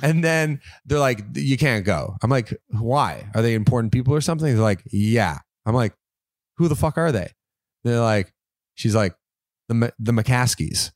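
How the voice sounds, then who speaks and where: A man's voice: mid-range voice, moderate pace, no echo, clean studio sound. A young adult man from Canada, co-hosting a podcast, telling a story in casual chat, laughing and swearing as he goes. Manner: animated, laughing, swears freely. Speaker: podcast co-host.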